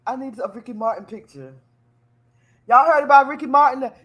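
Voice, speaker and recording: A woman hosting a casual live chat show, animated and teasing, laughing often as she talks. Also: high voice, a little fast, dull audio. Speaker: talk show host.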